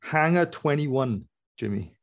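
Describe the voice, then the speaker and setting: A man's voice: on the high side, expressive, gravelly. Man running a casual podcast quiz. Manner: brisk, laughs often. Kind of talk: casual chat, quizmaster.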